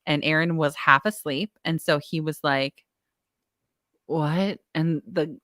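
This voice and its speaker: A young adult woman co-hosting a casual podcast, telling a story with lively acted-out quotes. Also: low voice, slow, no echo, clean studio sound. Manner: animated storyteller, acts out quotes. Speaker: podcast co-host. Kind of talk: casual chat.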